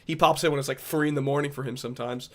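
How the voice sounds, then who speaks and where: A man's voice: medium pitch, fairly even intonation, very fast, fairly bright tone. A man from Rhode Island chatting casually with viewers on a livestream, rambling and joking with a fair amount of profanity. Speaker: streamer.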